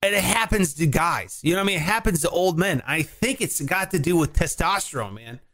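A man on a casual podcast, ranting in an animated, profane way. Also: on the high side, brisk.

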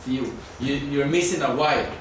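A man in a language class, chiming in with quick remarks and corrections. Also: mid-range voice, slight background noise. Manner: quick interjections, laughs easily. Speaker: class participant. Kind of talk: classroom discussion. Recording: very echoey room, mic far off.

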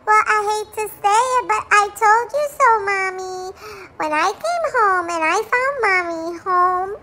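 Squeaky sassy little dog girl a woman puts on, super high, drama queen, flips into spanish, a bit of background hiss. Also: a little slow. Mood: indignant. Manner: chatty, dramatic, switches between English and Spanish.

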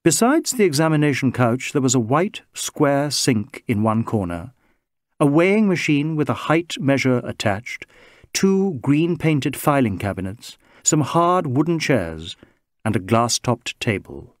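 Expressive male audiobook narrator. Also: mid-range voice, no room sound, clean studio sound. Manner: measured, expressive reading. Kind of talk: scripted narration.

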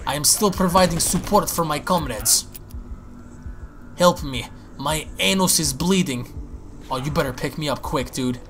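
A man giving excitable, profane live commentary while playing a zombie shooter, often repeating his words. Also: fairly high pitch, a little hiss or hum. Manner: excitable, swears, exclaims and repeats himself. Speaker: gaming YouTuber.

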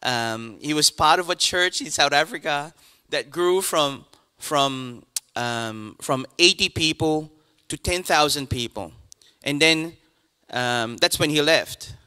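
A man, a pastor introducing a guest speaker to his church, talking in a halting way with many restarts. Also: on the high side, lively intonation, bright, forceful tone, clear, resonant tone. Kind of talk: church announcement.

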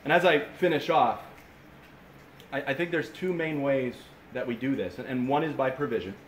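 A man in his thirties preaching a sermon at a camp, telling stories in an animated way and often restarting his sentences. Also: medium pitch, moderate pace. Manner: animated storytelling with frequent restarts. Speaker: pastor. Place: camp meeting room. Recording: roomy echo with faint hiss.

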